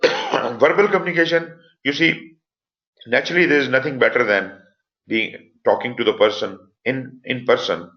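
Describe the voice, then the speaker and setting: A man's voice: mid-range voice, moderate pace, muffled recording. A man with a Pakistani English accent giving a live online lecture as instructor, explaining points and stressing them with voice inflections. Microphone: computer mic for online class.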